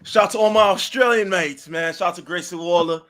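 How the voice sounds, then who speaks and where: A man co-hosting a casual podcast chat, talking excitedly with loose slang and free swearing. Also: sits high, fairly quick. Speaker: podcast co-host.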